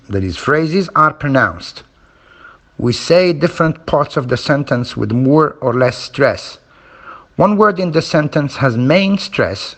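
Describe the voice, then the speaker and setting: A man teaching a phonetics lesson, slowly spelling out each sound with an example word. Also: medium pitch, a bit bright, breathy edge.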